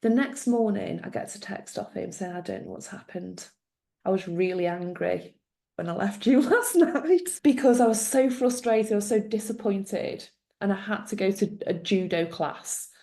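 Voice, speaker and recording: A middle-aged woman tells a story with a gravelly, mellow voice. She slips into the people she quotes as she goes. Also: medium pitch, normal speed. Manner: animated storyteller, acts out quoted dialogue. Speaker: guest, former social worker. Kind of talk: storytelling in a conversation.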